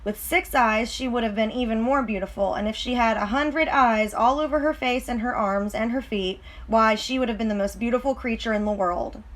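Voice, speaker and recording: Lady reading a kids storybook out loud, slightly high voice, even. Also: normal speed, few pauses. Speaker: reader. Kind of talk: storybook read-aloud.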